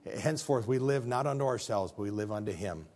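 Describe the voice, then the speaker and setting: A man's voice: fairly low pitch, a little fast, a little mellow. A male pastor preaching a sermon, emphatic, with frequent repeated restarts.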